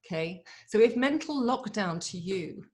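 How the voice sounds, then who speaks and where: A woman in her forties giving a motivational talk over a video call, eager and chatty, speaking in quick bursts. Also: mid-range voice, lively intonation, darkish tone. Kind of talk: live online motivational talk.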